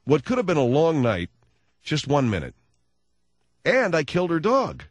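Lively sardonic man ranting on radio. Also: a little high, normal speed, no echo. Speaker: radio talk show host. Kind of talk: comedic radio monologue.

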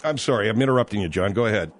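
A man's voice: lowish voice, expressive, very fast, a little hiss or hum. A man hosting a radio call-in show, stepping in to moderate and taking the next call. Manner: jumps in to moderate, takes calls. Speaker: radio talk show host.

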